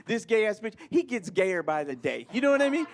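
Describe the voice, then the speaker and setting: A man from Michigan works through a stand-up set in a flamboyant, self-mocking way. His voice leaps around with lively pitch, from squeaky punchlines down to mumbled asides. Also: fairly quick. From Michigan, USA. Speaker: stand-up comedian.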